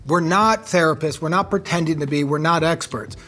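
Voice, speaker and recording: A man's voice: a little high, brisk, fairly bright tone. Laid-back man telling a story. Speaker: celebrity guest. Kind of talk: casual chat. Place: studio kitchen.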